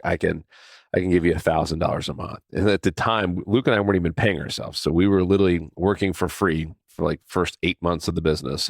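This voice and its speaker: A man's voice: low-pitched, no echo, clean studio sound. A man hosting a podcast, telling a personal story in a casual, conversational way with many fillers and restarts. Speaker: podcast host.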